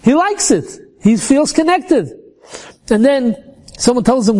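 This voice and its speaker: A man telling a religious story in an animated way, often repeating words as he restarts. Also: very high-pitched, unhurried.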